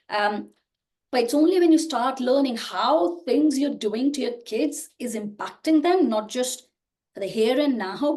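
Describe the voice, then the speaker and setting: A woman in her thirties with a fairly high voice talks as a podcast guest. She explains earnestly and casually, circling back with "you know" and restarting her sentences as she goes. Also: a little mellow. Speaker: podcast guest, personal growth creator.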